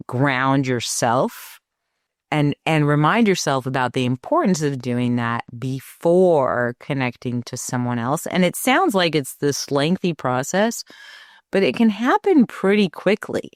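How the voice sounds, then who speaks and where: A middle-aged woman speaks in a notably low voice at an unhurried, deliberate pace. She is co-hosting a relaxed parenting conversation, reflective in tone, and she sometimes acts out quoted lines in livelier voices. The sound is close and dry. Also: no room sound. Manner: reflective, tells stories with animated quoted voices. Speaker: podcast co-host.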